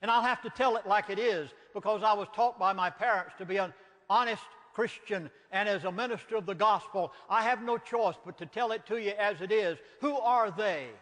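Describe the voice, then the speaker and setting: A man's voice: high voice, brisk, fairly bright tone. An older man with a Southern US accent, giving an urgent, emphatic public lecture in a preacher's cadence. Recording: lecture hall reverb.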